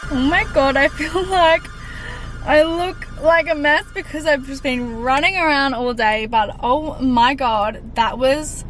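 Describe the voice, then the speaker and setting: A young woman in her twenties, gushing excitedly in a casual vlog, with lots of "like" between her words. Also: high voice, unhurried, poor audio. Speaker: vlogger. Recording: background music.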